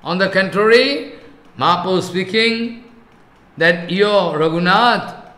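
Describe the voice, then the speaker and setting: A man giving a scripture class as a spiritual teacher. He talks haltingly, repeats himself, and chants verses slowly. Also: high-pitched, bright, forceful tone, roomy sound.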